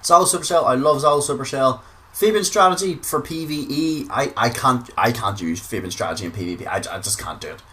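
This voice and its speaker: A man's voice: medium pitch, lively intonation, fairly quick, sharp tone. A man with a Northern Irish accent giving casual gaming commentary, chatty, swearing freely and repeating words for emphasis. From Northern Ireland. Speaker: gaming video creator.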